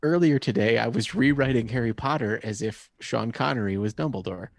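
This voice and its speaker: A man's voice: mid-range voice, a little fast, gravelly, no echo, studio quality. A man in his thirties on a casual sports podcast, dropping wry one-liners. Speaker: podcast co-host.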